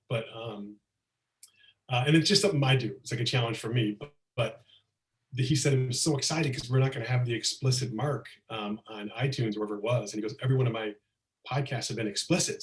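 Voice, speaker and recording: A middle-aged man telling lively anecdotes as a comedian guest, slipping into acted-out quotes, on a video call. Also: mid-range voice. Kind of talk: casual storytelling chat. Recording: roomy echo, far from mic.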